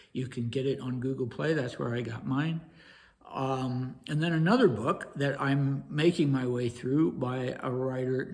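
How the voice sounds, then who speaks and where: A man's voice: medium pitch, vocal fry. A man hosting a history channel, talking through his thoughts in a casual, hesitant way with many fillers and restarts. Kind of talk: casual spoken commentary.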